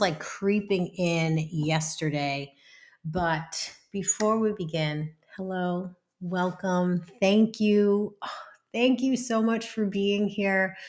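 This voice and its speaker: A woman hosting a casual wellness podcast, upbeat and gushing, turning soft and soothing as she guides listeners through breathing. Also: mid-range voice. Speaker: podcast host.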